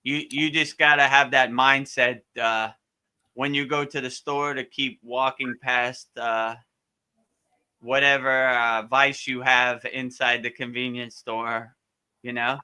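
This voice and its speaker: A man's voice: medium pitch, little pitch movement, slow, pushed and bright, clear, resonant tone. A man who is a spiritual teacher gives casual advice in a live question-and-answer session, easygoing and repeating his words often, with many fillers.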